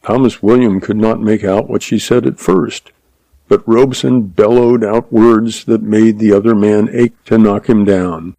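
A man narrates a Western tale at an even, measured pace. His low voice is gravelly and dark, with a mellow tone. The sound is dry and close, with no room echo. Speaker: audiobook narrator. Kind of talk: scripted narration of a Western story.

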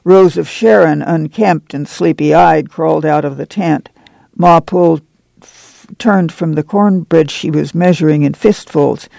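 A man reads a novel aloud in a measured, steady storytelling manner. His voice is deeply gravelly with a dark, mellow tone, pitched slightly above the usual for men. The recording is dry and close. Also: dry recording. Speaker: audiobook narrator. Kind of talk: scripted literary narration.

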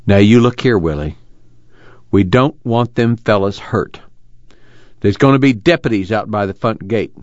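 A man's voice: on the low side, unhurried, long pauses, darkish tone, no echo, lightly acted. A man voicing a worried camp leader, drawling. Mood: stern worry. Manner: drawling, rural dialect, pleading. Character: worried older male camp leader, earnest. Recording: dull lo-fi dry recording.

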